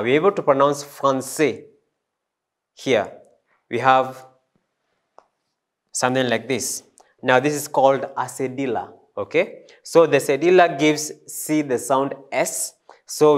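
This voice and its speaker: Slow, hesitant man teaching a lesson. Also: mid-range voice. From East Africa. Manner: slow, hesitant, many fillers and restarts. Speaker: French teacher. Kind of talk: classroom lesson.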